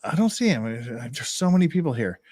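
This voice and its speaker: A man's voice: medium pitch, very animated, brisk, darkish tone. Chatty man hosting a livestream. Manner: chatty, with many restarts. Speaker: livestream host. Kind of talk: casual livestream chat.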